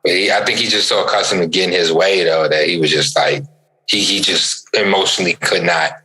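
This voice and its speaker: A man's voice: low voice, brisk, low-quality recording. A young adult man co-hosting a podcast, telling stories with lots of energy and often repeating his words. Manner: animated storyteller, stammers and repeats words. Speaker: podcast co-host. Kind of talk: casual chat.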